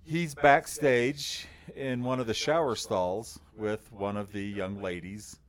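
A man with a baritone voice co-hosts a casual podcast. He tells his story slowly and in a low register. He rambles and fills his pauses as he goes. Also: steady tone. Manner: slow, rambling storytelling with many fillers. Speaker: podcast co-host. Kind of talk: casual chat.

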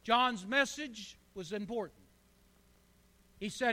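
Preacher in church, bright ringing voice, fired up and getting folks to answer back. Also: male voice, high-pitched, expressive, unhurried, big-room sound. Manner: fervent, calls on the congregation to answer. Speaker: pastor. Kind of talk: sermon.

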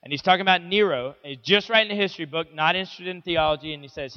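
A man's voice: high voice, fast talker, hardly any pauses. A man teaching a Bible lesson to teenagers in a casual, joking, conversational way. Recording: echoey hall, dull lo-fi sound.

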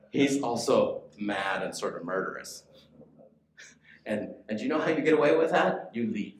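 A man's voice: fairly low pitch, darkish tone, echoey room. A man preaching a sermon in a conversational way, often asking his listeners questions.

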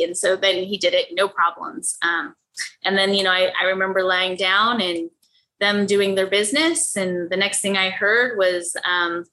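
A woman guest telling a personal story in an interview, candid and animated, laughing often and acting out what people said. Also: moderate pace, rough recording. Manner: animated, acts out her own past dialogue with lively pitch jumps. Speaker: podcast guest.

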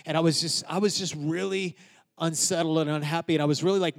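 Pastor telling a story in a sermon. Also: male voice, on the high side, fairly even intonation, fast. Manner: personal storytelling, swinging from loud to hushed.

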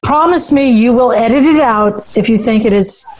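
A woman joins a casual podcast chat, hesitating and repeating words before crude punchlines. Her voice sits a bit high, with faint noise behind her. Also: normal speed, poor audio.

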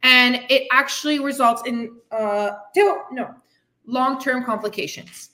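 Speaking at a measured pace, a woman who coaches fitness and hosts a podcast delivers a candid pep talk full of cursing. Her high voice is bright and sharp, and she sounds frustrated, venting while giving her audience direct tough love.

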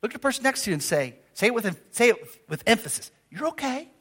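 An older man preaching a sermon as pastor, conversational and lively, calling out questions to the congregation in a church. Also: high-pitched, rapid-fire, slightly rough. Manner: lively, conversational preaching with audience call-outs.

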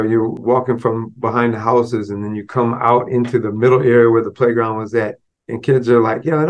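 A man hosting a podcast, telling a personal story in a motivational way. He speaks casually, with frequent asides like "right?" and "you know.". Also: mid-range voice. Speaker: podcast host.

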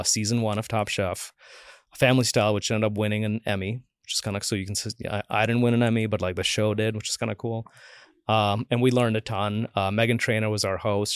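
As a podcast guest, a man in his forties tells casual interview stories in a low, easygoing register, chatty and slipping into the voices of those he quotes, with "like" as a frequent filler. The sound is close, dry and clean, with no room sound or echo.

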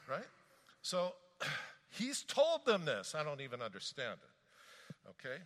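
A male preacher with a bright, forceful tone talks through scripture in a conversational, animated style. His pitch swings widely, and his voice sits a little above the usual for a man. Long reverb from a large hall trails behind every phrase. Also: takes it slowly, pauses often. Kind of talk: sermon.

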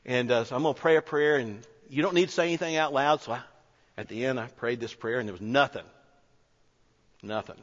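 A man's voice: mid-range voice, a little fast, a bit bright. Male pastor, conversational sermon storyteller, earnest, echoey hall. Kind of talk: sermon told as a personal story. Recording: echoey hall, dull lo-fi sound.

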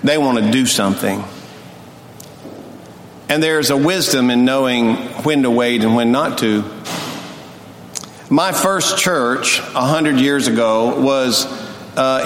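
An older man preaching a sermon in a church sanctuary. He tells stories in a folksy, humorous way, sometimes quick and sometimes drawn out. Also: mid-range voice. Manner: folksy, humorous storyteller, pace swings between quick and drawn out. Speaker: pastor. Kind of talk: sermon with storytelling. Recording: echoey hall, faint noise.

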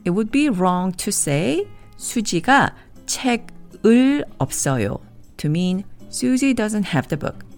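Woman teaching with a lively, low voice. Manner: clear, measured, repeats example sentences slowly. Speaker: language teacher. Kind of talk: scripted lesson narration.

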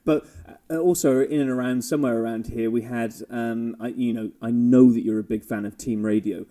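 Connecticut guy, warm mellow voice, lively storyteller doing little impressions. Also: mid-range voice, normal speed. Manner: animated storyteller, mimics others, laughs often. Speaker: podcast co-host. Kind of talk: casual race recap chat.

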